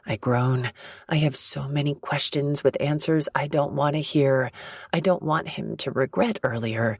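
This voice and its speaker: A woman reads a romance audiobook in the first person, soft and intimate. Her voice is husky with a gravelly creak, and the sound is dry and close to the mic. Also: low-pitched, moderate pace, no room sound. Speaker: audiobook narrator.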